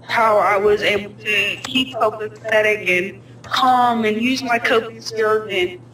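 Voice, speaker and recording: A woman interviewed about her recovery, speaking in a halting, earnest way. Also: medium pitch, steady tone. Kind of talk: personal interview. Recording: roomy distant mic with crowd noise.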